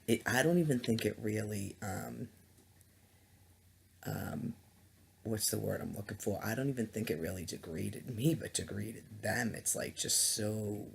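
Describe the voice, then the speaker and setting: Fairly low-pitched with vocal fry, a man rants into a laptop webcam mic, indignant and disgusted. His monologue wanders, riddled with ums, stutters and false starts, over slight background noise.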